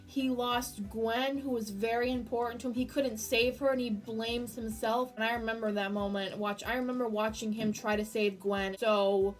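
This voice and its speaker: A woman giving an excited spoiler review of a movie, gushing, swearing freely and breaking into near-screams. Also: on the high side, normal speed, few pauses, distant mic, faint music behind.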